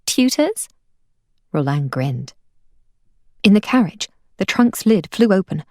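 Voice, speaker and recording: A woman narrating an audiobook in an expressive storytelling manner. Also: sits low, measured pace, no echo. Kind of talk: audiobook reading.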